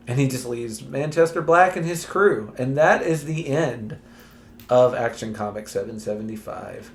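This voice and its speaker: A man's voice: mid-range voice, normal speed. A man co-hosting a casual podcast, retelling a comic book story animatedly and laughing often. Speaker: podcast co-host. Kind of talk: casual chat.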